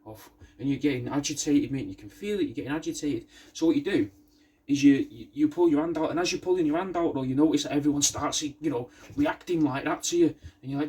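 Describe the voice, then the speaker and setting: A man, rambling through a deadpan sales pitch for his taxidermy art, slangy and swearing, saying "mate" a lot. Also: fast, slightly rough. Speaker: taxidermy artist showing his work.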